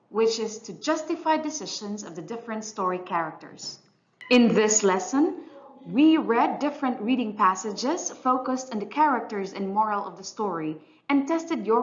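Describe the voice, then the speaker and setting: A woman teacher giving a clear, measured, scripted English lesson narration. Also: mid-range voice, highs cut off. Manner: clear, instructional, measured delivery.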